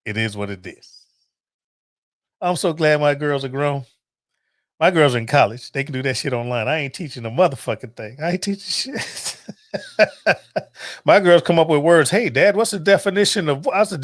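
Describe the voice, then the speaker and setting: A man's voice: on the high side, no room sound, clean studio sound. A middle-aged man, host of a cooking channel, ranting casually and profanely to camera. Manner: profane, animated, preachy.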